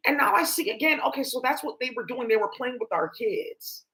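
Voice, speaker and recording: Profane, rambling woman with a high voice. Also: lively intonation, brisk, fairly bright tone. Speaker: vlogger. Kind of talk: rambling monologue to camera.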